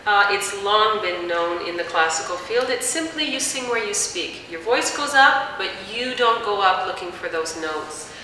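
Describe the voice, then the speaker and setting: A woman singing teacher calmly explaining vocal technique in plain words, with fillers. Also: mid-range voice, normal speed, hardly any pauses. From Canada. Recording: echoey room, mic at a distance, faint hiss.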